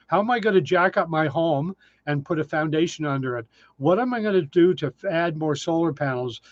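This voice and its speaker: Man, 60s, livestream host, casual and self-deprecating, somewhat high voice, dry lo-fi sound. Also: no room sound. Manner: chatty, self-deprecating, answers viewer questions. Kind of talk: casual live chat reading comments.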